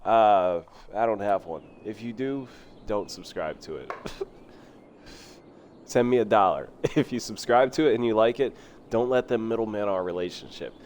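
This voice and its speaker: A man streaming a city-building game live, rambling excitedly and talking to himself as he plays. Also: lowish voice, normal speed, a little hiss or hum. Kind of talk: casual live gameplay commentary.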